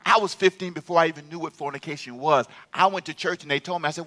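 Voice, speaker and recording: A man preaching a sermon to a congregation, telling stories from his youth and calling out to the crowd, going from hushed musing to loud shouts. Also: a little high, quick pace, hardly any pauses. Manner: calls out to the congregation for responses.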